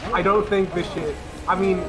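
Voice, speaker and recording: A man's voice: sits high, fairly even intonation, brisk, a loud crowd, rough recording. A man from outside the United States, a guest on a gaming stream, talking casually, profane and easily riled up.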